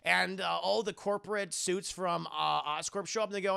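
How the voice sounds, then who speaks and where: A man gives his stream chat a sarcastic, profane spoiler recap of a film, addressing chat directly and acting out the characters' lines. His high, gravelly voice is steady, clear and resonant with a sharp tone, at normal speed with few pauses.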